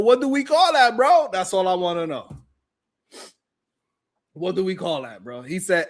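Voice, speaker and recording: A man's voice: high-pitched, animated, normal speed, long pauses. A man hosting a morning talk show, teasing his guests and laughing often between lines. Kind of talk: livestream talk show commentary.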